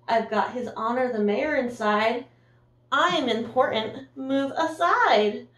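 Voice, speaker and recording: A woman's voice: fairly high pitch, takes it slowly, roomy sound, recorded from a distance. Woman doing bossy, rude city vehicles. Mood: haughty. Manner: bossy, loud, shoving. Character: pushy rude vehicles in a traffic jam, bossy and proud.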